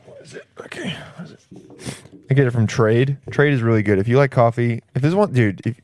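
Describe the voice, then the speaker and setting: A man's voice: mid-range voice, lively intonation, brisk, darkish tone. A man hosting his own podcast, rambling casually in slang and calling the listener "dude". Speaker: podcast host. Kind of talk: casual solo podcast monologue.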